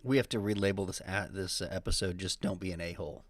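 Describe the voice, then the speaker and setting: A man with a fairly low voice, co-hosting a podcast in relaxed, joking banter. The sound is close and dry, with no room around it. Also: fast talker, dry recording. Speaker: podcast co-host. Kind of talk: casual chat.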